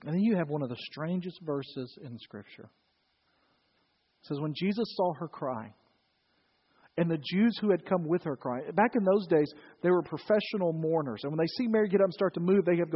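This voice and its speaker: A man with a high voice and a husky edge preaches in a large echoing hall. He tells the story with acted-out voices and quizzes the congregation. The recording sounds a little dull. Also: expressive, normal speed. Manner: storytelling preacher who acts out crowd voices and asks the audience questions. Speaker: pastor. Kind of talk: sermon. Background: live congregation.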